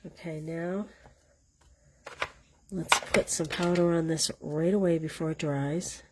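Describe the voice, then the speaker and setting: Hosting a live card-stamping class, a woman with a Boston accent chats and teases herself while explaining each step of the craft. Her low voice stays steady and slow, set against heavy background noise.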